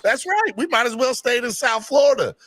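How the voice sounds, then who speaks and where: A man's voice: very high voice, animated, fairly quick, background noise. A man hosting a casual fan live stream, talking in a playful, teasing way. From Mississippi. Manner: playful, teasing, sometimes mock-serious. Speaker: fan show host. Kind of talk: casual chat. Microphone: video call.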